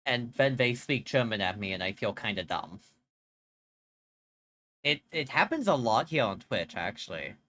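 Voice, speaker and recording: A young woman livestreamer chatting casually with her viewers, greeting them in a bubbly, playful way with sudden jumps up in pitch. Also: big pitch swings, moderate pace, long pauses, a bit bright.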